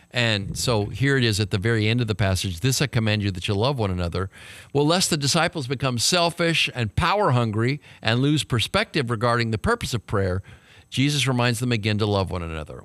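Pastor teaching a dry, close Bible study. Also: male voice, mid-range voice, expressive, brisk, fairly bright tone, dry recording. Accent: Texan. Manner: conversational teaching, talks to the class with "okay?" and "right?". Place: church study group, small room.

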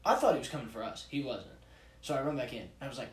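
A young man and baseball player telling a rambling, animated team-trip story in casual chat, acting out what everyone said. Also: mid-range voice, quick pace. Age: young adult. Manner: rambling, animated anecdote with acted-out quotes. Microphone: phone recording app. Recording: roomy echo, distant from the mic, faint ambience.

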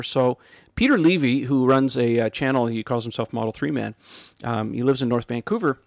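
A man from Canada in relaxed casual conversation, recounting trip anecdotes. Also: medium pitch, normal speed, creaky, no echo, studio quality. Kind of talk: casual chat.

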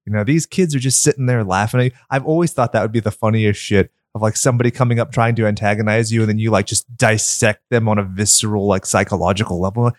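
A man's voice: lowish voice, steady tone, fast, few pauses, no echo, clean studio sound. A man hosting a podcast, chatting casually about films in a blunt, enthusiastic way and swearing freely. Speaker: podcast host. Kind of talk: casual film chat.

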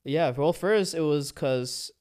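Smooth-voiced young man sharing openly. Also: fairly high pitch, a little mellow. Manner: candid, halting, restarts often. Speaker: podcast co-host. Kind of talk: casual chat.

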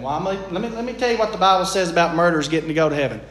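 A man's voice: high voice, lively intonation, very fast, a bit bright, slight background noise. A man preaching a sermon in an earnest, plain-spoken, folksy way. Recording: echoey room.

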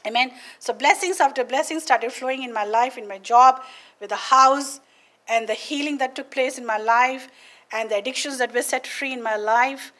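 A woman's voice: sits high, normal speed, a bit bright. A woman from India, preaching a testimony sermon on a podcast and often asking her listeners "Amen?".

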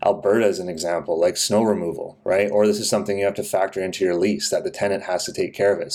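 Man from canada, deep flat monotone voice, blunt, casual podcast co-host. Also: quick pace, hardly any pauses. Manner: blunt, down-to-earth, says "like" and "right?" often.

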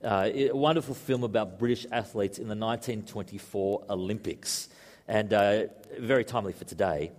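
A man's voice: on the low side, moderate pace. A man preaching a sermon to a congregation in a conversational way, mixing in joking asides. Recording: echoey hall reverb.

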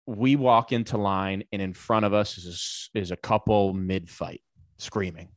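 A man casually telling a long, animated anecdote on a podcast, with lots of swearing. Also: lowish voice, moderate pace, dry recording, clean studio sound. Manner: animated, profane anecdote telling with acted quotes. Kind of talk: casual storytelling chat.

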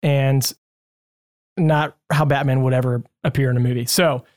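A man's voice: mid-range voice, steady tone, moderate pace, a little mellow. A man hosting a casual podcast interview, talking in an upbeat, enthusiastic and chatty way. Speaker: podcast host.

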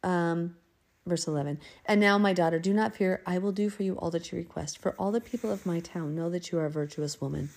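Female bible study teacher, casual and conversational, warm low voice, reads scripture aloud and then breaks it down. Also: brisk, vocal fry. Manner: reads verses aloud, then explains them chattily; acts out the figures' lines in an everyday voice. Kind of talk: casual scripture reading and commentary.

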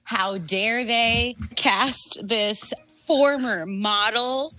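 A woman hosts a casual podcast in a playful manner. She talks slowly with a bright, sharp tone. The sound is dry and close. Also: a little high, no room sound. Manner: playful, laughs easily. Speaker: podcast host. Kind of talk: casual chat.

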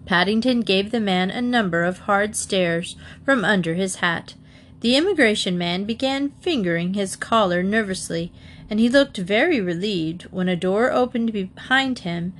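A woman gives a gentle, measured audiobook narration of a children's story. Her pitch sits in an ordinary middle range, and her telling is calm and even. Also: slight background noise.

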